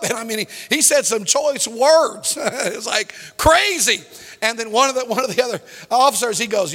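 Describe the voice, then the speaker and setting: A man preaching a sermon in a church, breaking into loud outbursts and telling stories. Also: very high voice, brisk, in a large hall. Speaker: pastor.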